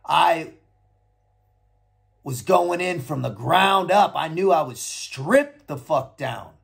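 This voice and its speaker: A man's voice: fairly high pitch, expressive, takes it slowly, vocal fry, husky. An American man telling his own story in a blunt, profane and reflective way. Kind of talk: personal storytelling monologue.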